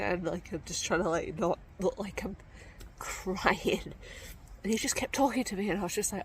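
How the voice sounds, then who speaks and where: An exhausted woman talking to camera outdoors in a casual vlog, weary and sighing, sometimes hushed. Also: lowish voice, moderate pace, a little hiss or hum, low-quality recording. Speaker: walking vlogger. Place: outdoors at a camp spot by a trail.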